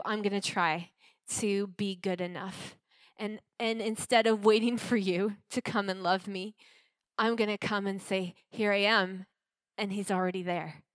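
A woman's voice: medium pitch, no echo, studio quality. A woman earnestly sharing a personal faith testimony. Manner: reflective, earnest.

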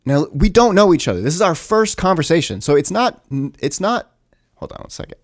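Gravelly man rambling a story to camera. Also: high voice, sing-song, fairly quick, no echo, clean studio sound. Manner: rambling, self-correcting, profane. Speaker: vlogger.

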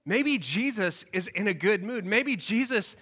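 A man giving a casual, animated Bible teaching in a storytelling way, often laughing as he goes. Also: high-pitched, measured pace. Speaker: preacher.

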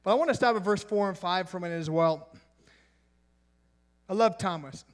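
A man's voice: sits high, brisk. A young man preaching a conversational sermon, enthusiastic and chatty, with laughs and asides. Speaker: pastor.

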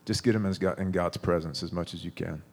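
A man's voice: sits low, fairly even intonation, fast, darkish tone. A man in his thirties preaching a sermon, telling stories in a conversational way with frequent restarts.

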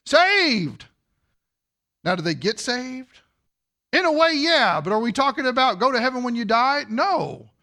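A man preaching a sermon to a congregation, asking them questions and swinging between loud emphasis and hushed, quiet lines. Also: extremely high pitch. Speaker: pastor.

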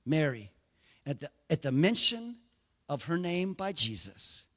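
A man preaching a sermon, telling the story in an animated way and acting out scenes. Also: fairly high pitch, a little slow, long reverb tail. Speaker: pastor.

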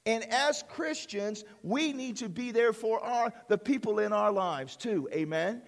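A male pastor delivers a church sermon in a fairly high voice for a man. He builds through repeated lines and calls out "amen?" to draw responses from the congregation. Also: a little slow, vocal fry, hardly any pauses. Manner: preaching with call-and-response amens and repeated phrases.

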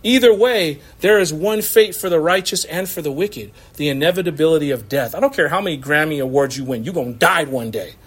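Pastor, male, high-pitched, conversational sermon with frequent laughs. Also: lively intonation, fairly quick, hardly any pauses, husky. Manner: conversational, laughing often, acts out quotes.

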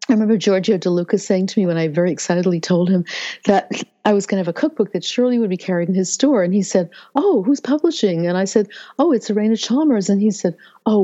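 A woman's voice: on the low side, mellow. An older woman, a cookbook author, telling stories with enthusiasm in an interview conversation. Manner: chatty, storytelling, enthusiastic. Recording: dull lo-fi sound.

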